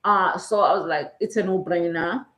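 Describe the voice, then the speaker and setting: A woman's voice: fairly low pitch, moderate pace, fairly bright tone. A middle-aged woman with a South African accent, telling a personal story to her vlog viewers in a chatty way, often checking in with "okay?", and close to tears. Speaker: vlogger. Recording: roomy echo.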